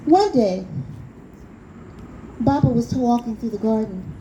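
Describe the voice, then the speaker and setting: Slow-spoken woman telling a story live. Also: on the high side, expressive, dull audio. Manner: warm, conversational, addresses the audience directly. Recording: live recording with audible background noise.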